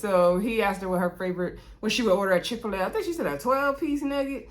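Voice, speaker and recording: A woman giving a casual, chatty recap of a reality TV episode, full of sassy asides and big swings in pitch. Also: lively intonation, quick pace.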